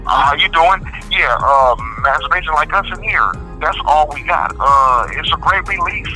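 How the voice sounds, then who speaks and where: A man's voice: a little high, lively intonation, normal speed, pushed and bright, soft background music, rough recording. A man calling in to a talk show, effusive and starstruck. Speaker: caller. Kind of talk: casual phone call.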